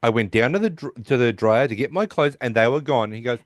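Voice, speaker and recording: A man's voice: mid-range voice, lively intonation, fast, dry recording, clean studio sound. A man hosting a podcast, casually recapping a sitcom episode and acting out the characters' lines as he goes. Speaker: podcast host.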